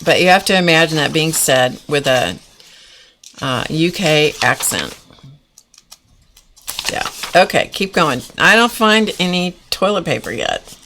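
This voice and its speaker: A woman's voice: low voice, big pitch swings, measured pace, pauses often, pushed and bright, a little hiss or hum. A woman hosting a live art journaling stream, chatting casually and giggling as she rambles while she works.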